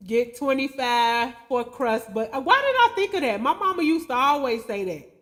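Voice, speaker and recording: A woman's voice: high-pitched, expressive, moderate pace, a bit bright. A woman hosting a casual livestream, chatting loosely with viewers in slangy talk, chuckling often and spelling out their names letter by letter. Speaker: livestream host.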